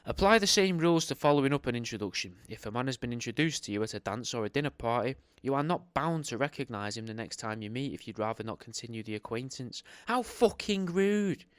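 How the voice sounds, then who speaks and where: Young male host, sarcastic reader who swears freely; smooth voice, dry close recording. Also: medium pitch, fast, few pauses, dry recording. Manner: sarcastic, swears a lot, rambling asides. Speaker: host reading a book aloud. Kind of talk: reading aloud with off-the-cuff commentary.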